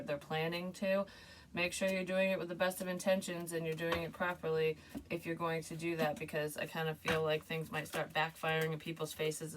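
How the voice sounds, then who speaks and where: Low-voiced chatty woman reading tarot. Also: noisy background. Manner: rambling, chatty, laughs often. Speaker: tarot reader. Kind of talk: casual tarot reading vlog.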